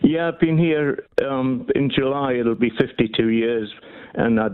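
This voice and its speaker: An older man with a Geordie accent, calling in to a radio talk show, speaking in halting bursts. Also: medium pitch, clean tone. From Newcastle upon Tyne, England. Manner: halting, repeats words. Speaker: caller. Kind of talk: radio call-in chat. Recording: tinny phone line.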